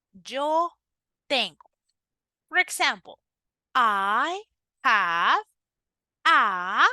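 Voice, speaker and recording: Woman teacher doing a kids lesson, high bright voice, slow and clear, animal noises, dry sound. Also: dry recording. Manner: slow, enunciating, coaxing repeat-after-me; playful, imitates animal sounds. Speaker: English teacher for children. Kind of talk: children's language lesson.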